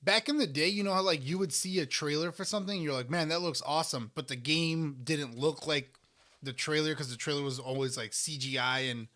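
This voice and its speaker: A man's voice: a little high, brisk, bright, forceful tone. A man co-hosting a casual eating podcast, rambling and restarting as he talks with food in his mouth. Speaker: podcast co-host. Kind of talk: casual chat while eating.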